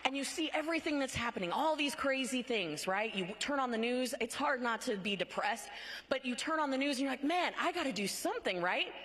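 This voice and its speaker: A woman's voice: sits high, expressive, a little fast, fairly bright tone, a little hiss or hum. Emphatic woman speaker in a reverberant hall. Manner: emphatic, punchy, frequent rhetorical "right?". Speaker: conference speaker. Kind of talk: motivational speech. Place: large conference hall. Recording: long hall reverb from a large venue.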